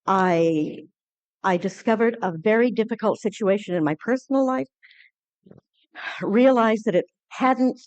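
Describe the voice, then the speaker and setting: A woman speaking at a conference, telling an earnest personal story with many halting restarts. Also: medium pitch, darkish tone, dry recording, lo-fi sound. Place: conference hall lecture.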